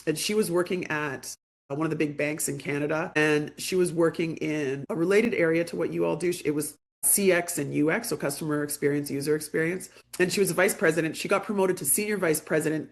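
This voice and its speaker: Woman coach on a video call, gravelly fry, chatty storytelling w quoted dialogue. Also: sits low. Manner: conversational, tells stories with lively quoted dialogue. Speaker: communication coach. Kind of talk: coaching talk to a group.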